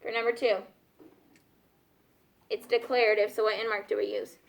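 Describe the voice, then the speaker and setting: Reviewing grammar with her class, a woman teacher talks at normal speed with a medium-pitched, level tone and vocal fry. She checks comprehension patiently with frequent "okay?" and "right?"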